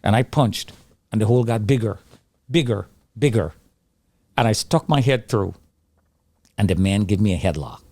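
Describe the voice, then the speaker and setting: A middle-aged man giving an intense personal testimony of surviving a disaster, acting out his own pleas and the shouts he heard. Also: lowish voice, animated, normal speed, long pauses, no room sound. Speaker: survivor telling his story.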